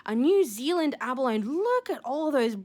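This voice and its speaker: Gushing woman, high and lively. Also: normal speed. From Australia. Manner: gushing, excitable, rambling with many fillers. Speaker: shell-collecting vlogger. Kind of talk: casual unboxing vlog.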